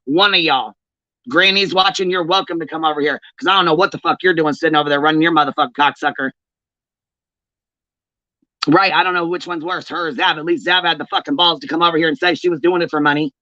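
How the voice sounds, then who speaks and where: Woman host mid-rant on her livestream: forceful, cursing, dry and lo-fi sound. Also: sits low, fairly even intonation, fast, no echo. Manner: heated, profane, confrontational calling-out. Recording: dull, lo-fi stream audio.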